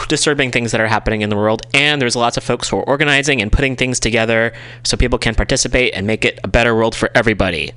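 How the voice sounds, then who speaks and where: A man hosting a community radio show, reading event announcements in a relaxed, chatty way and correcting himself as he goes. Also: mid-range voice, fast talker, no echo. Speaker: radio host. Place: radio studio. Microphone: studio microphone.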